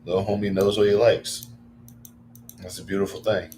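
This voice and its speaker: A man chatting casually on a livestream, rambling with lots of fillers and breaking into excited bursts. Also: fairly low pitch, normal speed, background noise.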